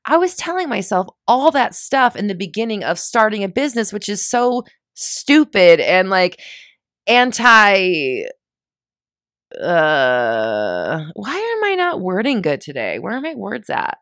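A woman's voice: mid-range voice, wildly swooping pitch, unhurried, a bit bright, no echo, clean studio sound. A woman coaching listeners in a casual motivational monologue, chatty and self-mocking when she loses her words.

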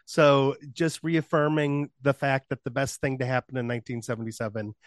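A man's voice: medium pitch, flat delivery, fairly quick, no room sound, studio quality. A man co-hosting a podcast in casual chat, making wry joking asides. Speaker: podcast co-host.

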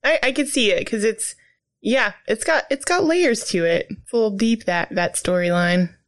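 A woman's voice: a little high, moderate pace. A woman in a casual chat, teasing her co-host and laughing along.

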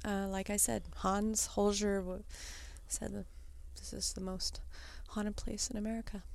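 A woman's voice: mid-range voice, flat delivery, a little slow, creaky, a little mellow, dry recording. A woman hosting a paranormal podcast, chatting casually and often trailing off hesitantly. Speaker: podcast host and researcher. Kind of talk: casual chat.

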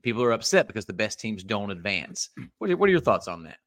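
A man's voice: on the low side, sing-song, fast, fairly bright tone, no echo, clean studio sound. A man co-hosting a podcast in casual sports chat, complaining emphatically with a wry edge. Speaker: podcast co-host.

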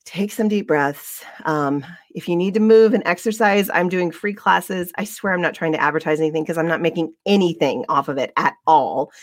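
A woman's voice: lowish voice, moderate pace, hardly any pauses, dry recording, clean studio sound. A woman co-hosting a podcast livestream in a casual chat. She talks in a rambling, chatty way with frequent laughs and restarts. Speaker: fitness instructor.

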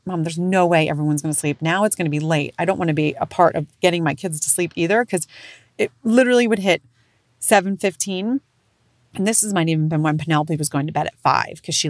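A woman in her thirties telling a family story in casual chat, animated and swearing freely, jumping into high voices for quotes. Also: no echo. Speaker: podcast host.

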